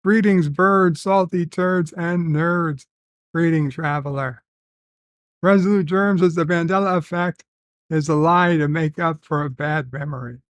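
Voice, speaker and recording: A man hosting a casual livestream, reading viewer comments aloud and telling rambling stories with many filler pauses. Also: fairly high pitch, no room sound. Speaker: livestream host.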